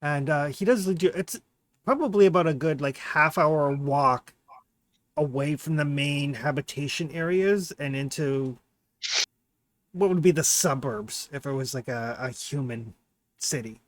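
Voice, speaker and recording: A man's voice: a little high, measured pace, no room sound. A man narrating as game master in a casual, rambling way with many fillers.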